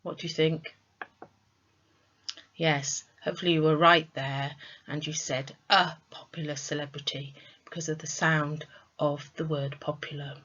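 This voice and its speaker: Woman, online tutor, unhurried quizzing delivery, lowish pitch, lo-fi sound. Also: pushed and bright. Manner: slow, clear teacher's delivery with quizzing questions. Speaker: English tutor. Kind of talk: online English lesson.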